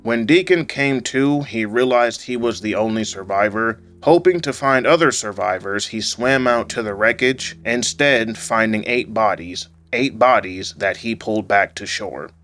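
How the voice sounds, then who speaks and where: A man reading a scripted gaming video essay into a home microphone, in a calm, fairly monotone way with occasional rises. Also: on the low side, measured pace, hardly any pauses. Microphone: home microphone voice-over. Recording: faint background music under voice-over.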